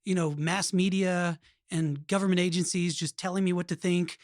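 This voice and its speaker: A man's voice: sits high, flat delivery, moderate pace, dry recording, clean studio sound. A man hosting a podcast in casual chat, earnest and rambling, often restarting his sentences. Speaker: podcast host.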